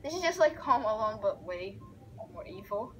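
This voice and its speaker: A woman giving excitable let's-play commentary, reacting loudly and narrating the action on screen. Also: medium pitch, normal speed, slight background noise, rough recording. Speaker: gaming video creator.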